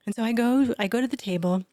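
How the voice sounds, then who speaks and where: A woman with a mellow, warm voice tells a personal story as a podcast guest. She is animated and sometimes drops to a whisper for her inner thoughts. The sound is dry and close to the mic. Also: on the high side, no room sound. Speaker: chiropractor guest. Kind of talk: storytelling in an interview.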